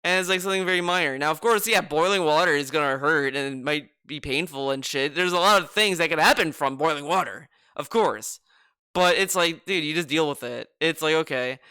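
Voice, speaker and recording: A man's voice: fairly high pitch, a little fast, pushed and bright, clean tone, no echo, clean studio sound. A man giving mocking reaction commentary on a clip, swearing and breaking into exaggerated impressions. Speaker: commentary streamer.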